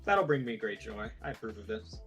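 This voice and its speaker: A man casting a live video game match, excitable and quick to laugh. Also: on the low side, soft background music, low-quality recording. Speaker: esports caster.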